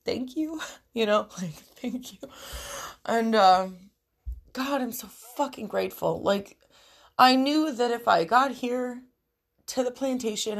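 A woman's voice: medium pitch, vocal fry. A young woman speaks straight to her viewers in a personal vlog. She is crying through her words, her voice thick with tears, and swears freely. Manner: tearful, emotional, swears freely. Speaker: vlogger.

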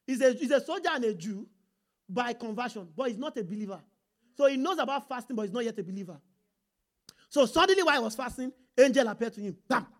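A woman preaching an animated sermon, reading scripture aloud and calling out to the congregation. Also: fairly high pitch, fast talker.

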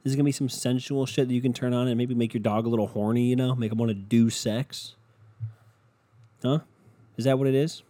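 A man's voice: mid-range voice, steady tone, a little fast, warm tone. A young man hosting a casual solo podcast from home, rambling and swearing with a sardonic edge. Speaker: podcast host. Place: at home in bed with his dog. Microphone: home podcast mic.

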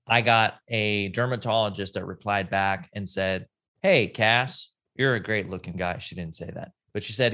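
A man's voice: on the low side, sharp tone. A man co-hosting a podcast, chatting casually with friends in a jokey, teasing way and reading an ad. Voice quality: jokey, teasing, laughs often. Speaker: podcast co-host. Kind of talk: casual chat with friends, ad read.

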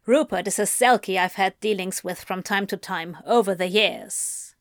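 A woman's voice: mid-range voice, normal speed, no echo, studio quality, close to an everyday voice. A woman voicing a grumpy, blunt male demon who drawls coolly and swears. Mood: dry.

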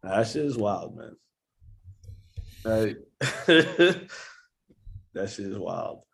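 A man's voice: on the low side, very animated, extremely slow, creaky, fairly bright tone. A man in laid-back, profane casual chat, laughing often and drawing words out.

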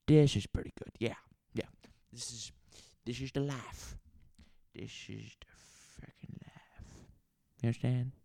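Man putting on a foul-mouthed Southern bar owner, rambling and gravelly, dry close sound. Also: medium pitch, fairly even intonation, normal speed, mellow, no echo, natural voice. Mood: fiddling, chatty. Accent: put-on Southern US. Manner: crude, rambling, swears a lot. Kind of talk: improvised character comedy.

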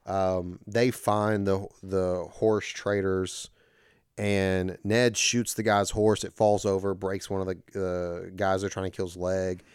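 Low-voiced man recapping a film casually. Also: flat delivery, takes it slowly, a little mellow, clean tone, no echo, studio quality. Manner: loose rambling retelling. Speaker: podcast co-host. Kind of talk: casual chat.

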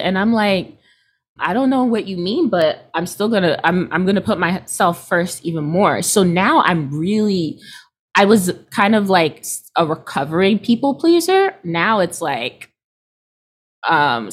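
A woman in her thirties, a healer, chatting casually and acting out quoted people with lively swings in her voice. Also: a little slow, husky. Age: 30s. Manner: expressive, acts out quoted people with big pitch jumps. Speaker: guest, healer. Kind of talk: casual podcast conversation.

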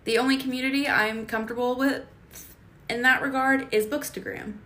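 A woman's voice: sits high, steady tone, a little fast, fairly bright tone. A young woman co-hosting a podcast, chatting casually in a blunt, opinionated way and laughing between remarks. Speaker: podcast co-host. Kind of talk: casual chat.

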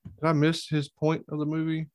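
A man in a casual movie chat who talks quickly and haltingly, with many restarts. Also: on the high side, monotone.

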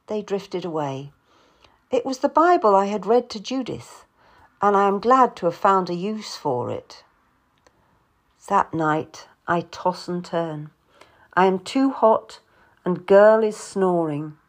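A woman narrates a historical novel in the first person. She reads in a quiet, measured way, and her pitch moves around a lot. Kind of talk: audiobook narration.

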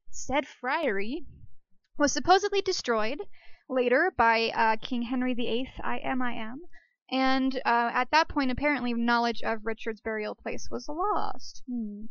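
A woman's voice: on the high side, a bit bright, no echo, dull audio. A woman hosting an archaeology show, talking casually and joking between facts. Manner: chatty and jokey, self-deprecating asides. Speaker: podcast host. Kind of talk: casual educational monologue.

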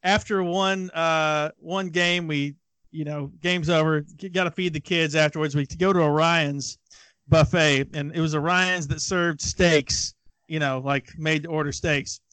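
Guy with a high voice, emphatic storyteller, talk show banter, dead dry mic. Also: steady tone, unhurried, fairly bright tone, smooth, no room sound. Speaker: co-host. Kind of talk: casual radio chat.

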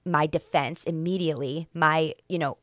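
A young woman with a low voice tells a personal story on a casual podcast. She is animated and acts out the other people's lines. The sound is dry and close. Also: moderate pace, no echo. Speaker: podcast co-host.

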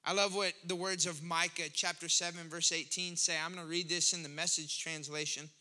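A man preaching a sermon in a conversational, animated style, building to emphatic points. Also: a little high, a little fast. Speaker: pastor.

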